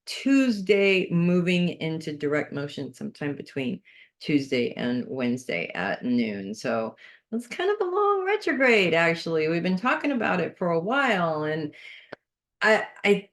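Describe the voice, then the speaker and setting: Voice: medium pitch, big pitch swings, unhurried, a bit bright. A chatty astrologer talks through a weekly horoscope in a loose, unscripted way. The speaker restarts phrases while thinking aloud and gives earnest advice in an everyday mid-range voice. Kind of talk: casual unscripted horoscope monologue.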